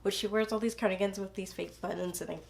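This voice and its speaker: A woman's voice: medium pitch, fairly even intonation, quick pace, gravelly. A young woman chatting casually about a book she loves, gushing and rambling with lots of fillers and restarts. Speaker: book reviewer. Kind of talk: casual book review chat.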